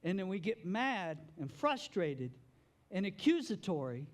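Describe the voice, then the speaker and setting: A man preaching a sermon as pastor, animated, with playful joking asides. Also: sits high, measured pace.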